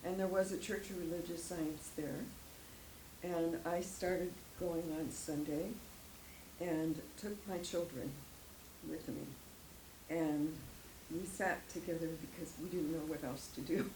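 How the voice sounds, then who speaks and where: A woman's voice: deep voice, fairly even intonation, a little slow, a little mellow. An older woman giving an emotional personal testimony as a guest speaker at a church, rambling a little and laughing often. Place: church hall. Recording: echoey room, faint noise.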